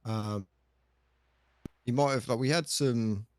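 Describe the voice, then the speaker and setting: A man's voice: mid-range voice, takes it slowly, no echo, close to an everyday voice. A man playing a laid-back shop boss. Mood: easygoing. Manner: rambling, filler-heavy and easygoing. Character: laid-back male shop manager, chatty. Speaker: shop chief operating officer. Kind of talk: casual game role-play.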